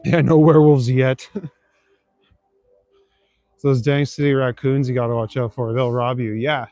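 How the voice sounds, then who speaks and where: A young man on a nighttime livestream wanders city streets, casually answering comments from viewers in a relaxed, rambling style peppered with fillers and little laughs. His medium-pitched voice is warm and steady, a touch slow, recorded dry over soft background music.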